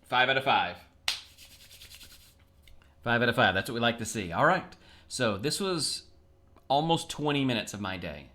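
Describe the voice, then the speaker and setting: A man's voice: medium pitch, animated, moderate pace, long pauses, bright, forceful tone. A man solving chess puzzles on video, talking casually to himself and his viewers as he thinks aloud. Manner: chatty, self-talking, plain everyday tone.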